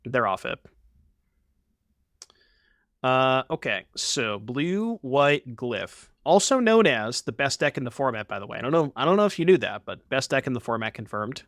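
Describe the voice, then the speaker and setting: Lively, easygoing young man streaming. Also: medium pitch, moderate pace, no room sound, studio quality. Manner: rambling, easygoing, swears casually. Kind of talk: casual game commentary and chat with viewers.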